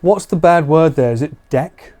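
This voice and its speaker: A man's voice: on the high side, moderate pace, dark tone. A man casually chatting with viewers during a live stream, joking and laughing often. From United Kingdom. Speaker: livestreamer. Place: house.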